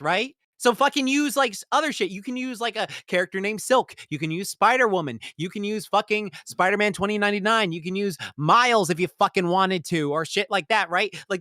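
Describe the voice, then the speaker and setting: A man hosting a podcast chats casually about a movie in a profane, rambling way, mocking the characters in quoted voices. His voice is high, pushed and bright, on a dry, studio-quality recording.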